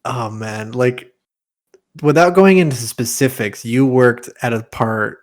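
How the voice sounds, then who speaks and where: A man's voice: mid-range voice, slow. A young man co-hosting a casual podcast, chatty and loose, with lots of filler words and frequent laughter. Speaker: podcast co-host.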